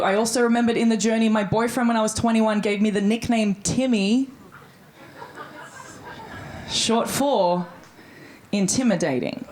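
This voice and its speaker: A woman's voice: a little high, fairly even intonation, normal speed, long pauses. A woman in her thirties with an Australian accent performing a stand-up comedy set in a chatty, breezy way and acting out the voices she quotes. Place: comedy club stage before a live audience.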